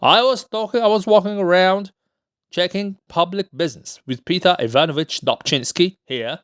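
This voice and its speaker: A man's voice: high voice, moderate pace, fairly bright tone, smooth, no echo, studio quality, voice pushed up. A man voicing an anxious, scheming older male town governor, as he reads a play aloud. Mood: fawning. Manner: muttered asides, fawning when aloud.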